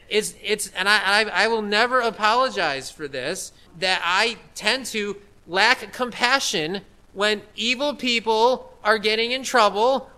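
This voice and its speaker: A man preaching a sermon as a pastor, emphatic and repetitive, with forceful declarations and frequent restarts. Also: high voice.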